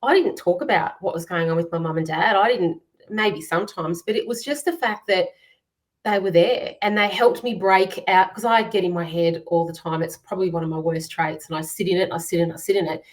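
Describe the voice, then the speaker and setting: A woman's voice: lowish voice, brisk, recorded from a distance. A woman hosting a livestream conversation, encouraging and reflective, with many fillers. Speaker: host.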